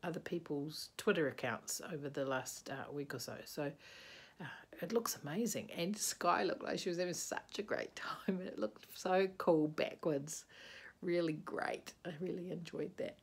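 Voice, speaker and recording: Indoors in a bedroom with a bedspread, a woman with a low, husky voice records a casual video-reply vlog at normal speed, rambling and chatty while sounding sleepy and yawning.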